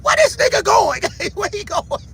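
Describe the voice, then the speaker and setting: A man with a strikingly high, bright voice hosts a livestream, calling out the footage he is watching. His delivery swings up and down in pitch as he shouts, swears and laughs along. There is faint background noise under him. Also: normal speed, gravelly. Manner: loud, profane, laughing, excitable. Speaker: livestream host. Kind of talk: livestream reaction commentary.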